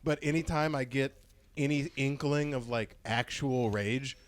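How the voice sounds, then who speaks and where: A young man in casual podcast chat, loud and animated, breaking into high mocking voices. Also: unhurried. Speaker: podcast host.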